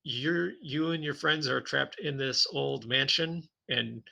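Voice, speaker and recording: A man co-hosting a podcast, chatting casually about tabletop games and telling lively stories with frequent laughs. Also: medium pitch, takes it slowly, vocal fry. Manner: animated storytelling, laughs often. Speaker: podcast co-host.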